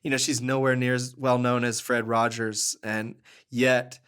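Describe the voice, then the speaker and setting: A man telling stories as a podcast guest, animated and earnest, often laughing and restarting his sentences. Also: mid-range voice, a little slow, smooth. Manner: earnest, warm, with fillers and restarts. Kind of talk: conversational storytelling.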